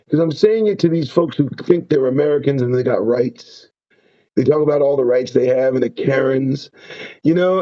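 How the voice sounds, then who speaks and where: A man hosting his own show, ranting with profanity and preaching warnings. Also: a little high. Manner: profane, preaching, lively ups and downs. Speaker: show host. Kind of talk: impassioned ranting commentary. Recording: dull lo-fi sound.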